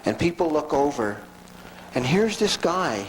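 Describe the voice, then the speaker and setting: A man giving a storytelling lecture to an audience in a folksy, animated way with frequent asides. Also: fairly high pitch, a little slow, slight background noise, rough recording.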